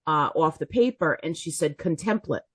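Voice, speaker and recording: A woman's voice: on the low side, brisk, breathy edge, no room sound. A woman who is a teacher, co-hosting a podcast in casual chat, telling stories and correcting herself as she goes. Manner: chatty storyteller, self-correcting, animated quotes.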